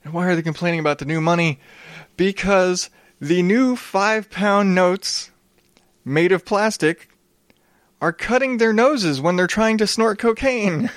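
A man's voice: sits high, a little slow, no echo, clean studio sound. A man hosting a show, ranting about odd news in a sarcastic, swearing way, sniffling now and then. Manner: sarcastic, swears a lot, frequent restarts. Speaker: show host. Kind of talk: profane comedic news rant.

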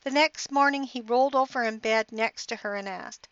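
A woman's voice: a little high, fairly even intonation, moderate pace, hardly any pauses, fairly bright tone, dry recording. Upbeat middle-aged woman podcast host. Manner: upbeat, encouraging, inspirational. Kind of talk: motivational podcast monologue. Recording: dry, dull lo-fi podcast audio.

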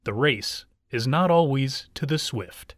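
A man narrating fables aloud in an expressive, animated storybook style. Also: medium pitch, measured pace, noisy background. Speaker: reader.

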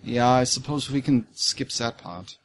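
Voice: mid-range voice, measured pace, a little hiss or hum. A game master running a tabletop game who answers the players in a laid-back, dry way.

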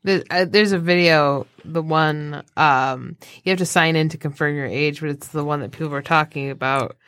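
A woman co-hosting a podcast in casual chat, wry and quick with quips. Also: deep voice, a bit bright, no room sound. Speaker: podcast co-host.

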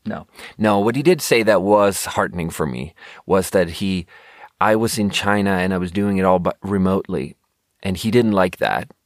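A man's voice: low voice, moderate pace, dry recording, clean studio sound. A young man hosting a casual talk show, telling rambling, jokey stories and swearing freely. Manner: rambling, profane, jokey storytelling. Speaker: podcast host reviewing sparkling water. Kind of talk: casual monologue.

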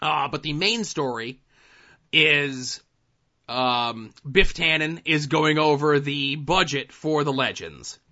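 A man's voice: on the high side, animated, takes it slowly, pushed and bright, dull audio. A man co-hosting a casual podcast, recapping TV episodes in a laid-back, dry way with plenty of fillers. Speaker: podcast co-host.

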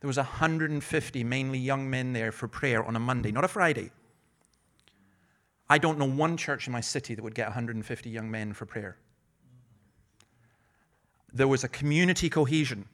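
A man's voice: mid-range voice, moderate pace, long pauses. A middle-aged man giving a conference talk on evangelism, telling stories with humorous asides and often restarting phrases. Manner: lively storytelling with humorous asides; repeats words while restarting phrases. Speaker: preacher and evangelist.

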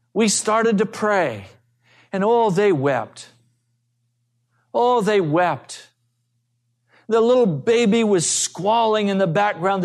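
A man preaching a sermon as pastor, earnest, telling stories and acting out the people in them. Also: high-pitched. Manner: slow, earnest preaching with acted-out quotes.

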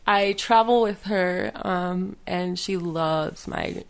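A woman talking casually as a podcast guest, rambling and halting with many fillers and restarts. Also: mid-range voice, creaky. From western United States. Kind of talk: casual conversation.

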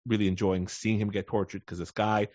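A man co-hosting a podcast in casual chat, animated and swearing freely. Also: on the low side, brisk, no echo, dull audio. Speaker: podcast co-host.

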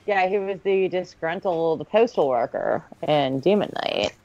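A man's voice: sits high, expressive, a little slow, darkish tone, highs cut off. A man co-hosting a movie commentary podcast in laid-back, casual chat. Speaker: podcast co-host.

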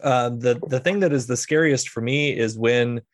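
A man's voice: mid-range voice, moderate pace, no echo. A man hosting a podcast, talking casually about films and telling rambling stories with lots of fillers. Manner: rambling storyteller, many fillers and restarts. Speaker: podcast host. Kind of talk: casual film discussion.

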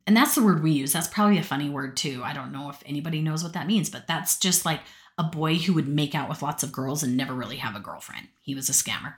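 A woman's voice: low-pitched, quick pace. A woman from Utah telling personal stories from her notes in a chatty, rambling way, often breaking into laughter and asides. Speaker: podcast storyteller. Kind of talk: casual personal storytelling.

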